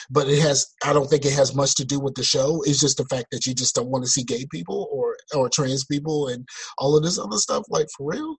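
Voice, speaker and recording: A man co-hosting a podcast in casual chat, talking in animated, exasperated rants over a remote call. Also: medium pitch, fairly quick, creaky, slightly rough, low-quality recording. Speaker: podcast co-host. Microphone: remote call mic.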